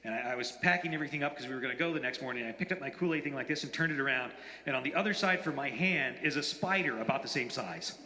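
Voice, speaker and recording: A man in his forties, an author telling anecdotes at a bookstore event, in a rambling, halting way full of fillers and restarts. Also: medium pitch, pushed and bright, slight background noise. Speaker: author at a reading. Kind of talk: live anecdotal storytelling. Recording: roomy, reverberant hall.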